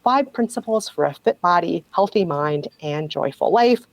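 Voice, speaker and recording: A woman's voice: on the low side, expressive, moderate pace, dry recording, rough recording. A woman guest on a podcast, telling a story in a sardonic, casual way and laughing often.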